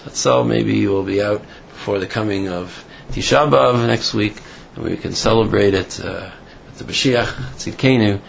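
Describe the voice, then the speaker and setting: A man giving an informal sermon with a parable, halting with many fillers and restarts, and lifting his pitch to act out the voices in the story. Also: gravelly. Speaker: rabbi giving a talk. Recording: dull lo-fi recording with faint background noise.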